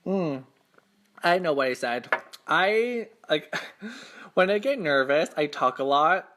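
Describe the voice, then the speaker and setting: A man's voice: on the high side, big pitch swings, slow pace, sharp tone. A young man hosting an eating show, telling a casual story between bites in a rambling, filler-heavy way, self-conscious and embarrassed. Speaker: mukbang host.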